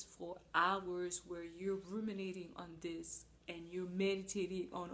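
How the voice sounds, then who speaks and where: A woman's voice: fairly low pitch, level tone, a little slow, few pauses, a bit bright, a little hiss or hum. A woman preaching a sermon, earnest and emphatic, acting out little asides.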